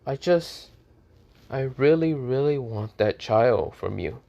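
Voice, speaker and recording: A man's voice: medium pitch, expressive, slow pace, gravelly, dark tone, lo-fi sound. A man doing a smug flirty dragon heir. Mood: teasing. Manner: teasing, smug.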